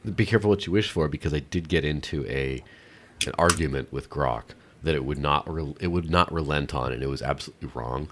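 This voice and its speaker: A man's voice: extremely low pitch, a little fast, a bit bright, slight background noise. A man co-hosting a podcast in casual chat, blunt and irreverent with mild exasperation. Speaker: podcast co-host.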